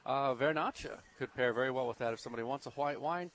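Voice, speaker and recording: A man appearing as a wine merchant guest on a radio show, speaking in a relaxed, hesitant way with many fillers. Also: mid-range voice, fast talker. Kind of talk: radio interview.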